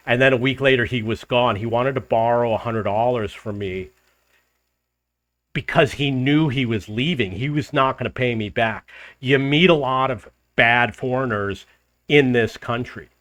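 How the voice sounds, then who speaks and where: A middle-aged man from the United States, telling a story in a casual monologue and acting out the arguments he quotes. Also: medium pitch. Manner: animated retelling, acts out quoted arguments. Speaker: travel vlogger.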